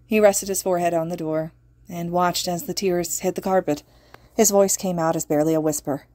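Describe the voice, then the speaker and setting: A woman reads a fan fiction audiobook in an earnest, steady voice. Her pitch sits low, and the room sounds dry and close. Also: brisk, no echo. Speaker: podfic reader.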